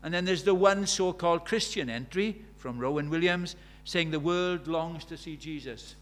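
A man's voice: on the high side, normal speed. A man preaching a sermon, emphatic and storytelling, firing rhetorical questions at the congregation.

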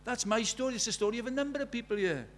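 High-voiced male preacher, pleading and urgent in his sermon. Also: rapid-fire. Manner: pleading, rising to urgent calls, then hushed storytelling.

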